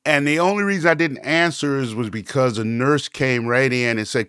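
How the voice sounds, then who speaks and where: Male storyteller, mid-pitched voice, animated first-person telling, repeats for effect. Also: normal speed, few pauses, clear, resonant tone, no echo, clean studio sound. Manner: vivid, animated telling with repetitions and acted-out quotes. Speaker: storyteller and show host.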